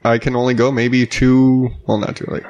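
A man's voice: medium pitch, level tone, moderate pace, darkish tone, highs cut off. A man co-hosting a podcast in casual chat, rambling and acting out little quoted asides, with the odd swear. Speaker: podcast co-host, father of four.

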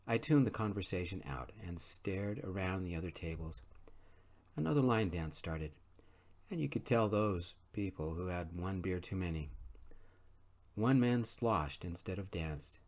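Man, soft-spoken ASMR audiobook reader, gentle and quiet, fairly low voice. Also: lively intonation, measured pace. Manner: gentle, quiet first-person narration. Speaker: audiobook narrator.

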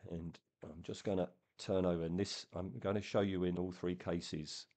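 Deep-voiced man reading and chatting keenly. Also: little pitch movement, a little mellow. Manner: enthusiastic, halting. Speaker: comic and book reviewer. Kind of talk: reading aloud and casual chat.

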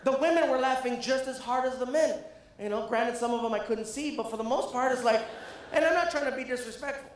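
A man doing stand-up comedy, telling a story in an animated way and laughing at his own jokes. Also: very high-pitched, brisk. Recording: echoey live stage recording, faint noise.

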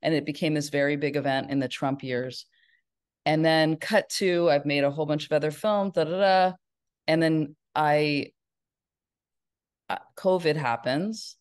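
A woman's voice: low-pitched, measured pace, a little mellow, clear, resonant tone. A middle-aged woman from Northern California, a filmmaker guest in an interview, telling her story in a rambling way with many restarts.

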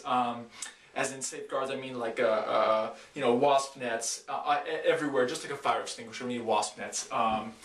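A man's voice: mid-range voice, fairly bright tone. Agitated, profane man, roomy and distant. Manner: profane, agitated, halting with fillers. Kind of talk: mock-earnest rant to camera. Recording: roomy, far from mic, faint hiss.

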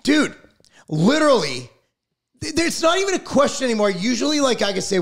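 Brief: middle-aged guy, higher-pitched, profane and passionate, casual podcast talk. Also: sing-song, fairly quick. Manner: profane, fired-up ranting.

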